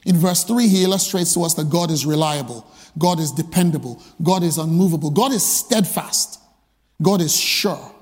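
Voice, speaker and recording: A man's voice: fairly high pitch, moderate pace, darkish tone, husky, in a large hall. A male pastor preaching a sermon, emphatic and full of rhetorical repeated questions.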